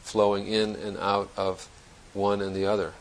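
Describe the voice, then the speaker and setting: Low gravelly-voiced man giving a dharma talk. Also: flat delivery, normal speed, a little hiss or hum, poor audio. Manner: reflective, searching, conversational with restarts. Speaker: Zen teacher.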